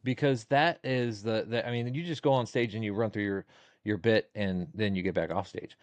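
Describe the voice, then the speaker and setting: A man's voice: on the low side, moderate pace, no echo. A man in his forties, a podcast guest talking casually and plainly, often repeating words as he gathers his thoughts. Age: 40s. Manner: plainspoken, repeats himself while thinking.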